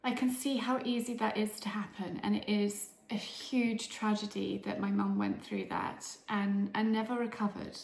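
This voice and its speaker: A woman's voice: medium pitch, little pitch movement, moderate pace, vocal fry, few pauses. Chatty, emotional woman vlogger. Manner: chatty, emotional, often hushed. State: emotional, tearful. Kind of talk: casual vlog chat. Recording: echoey room, faint background noise.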